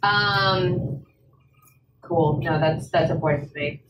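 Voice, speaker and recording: A woman's voice: deep voice, slow pace, lo-fi sound. A woman hosting a live talk show, interviewing a guest onstage. She hesitates and repeats words as she forms her questions. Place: live event venue. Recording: roomy, distant mic, ambient noise.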